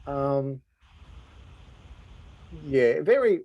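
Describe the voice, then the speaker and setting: Aussie guy tour guide, gravelly, dry close sound, chatty and easygoing. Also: mid-range voice, sing-song, drawn-out words, no echo, muffled recording. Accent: Australian. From Australia. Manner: easygoing, explanatory. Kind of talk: casual Q&A answers.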